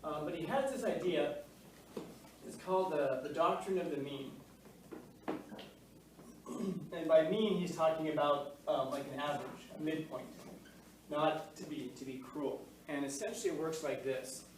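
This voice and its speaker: A man's voice: on the high side, a little slow, long pauses. Joking male teacher in an echoey classroom. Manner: casual and joking, full of fillers, quizzes the class. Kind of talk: classroom lecture. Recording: echoey classroom, mic far off, faint noise.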